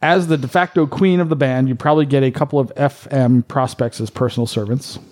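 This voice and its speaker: A man's voice: mid-range voice, fairly even intonation, fairly quick, a little mellow. A man co-hosting a casual podcast, reading listener emails and chuckling between lines. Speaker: podcast co-host. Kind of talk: casual chat.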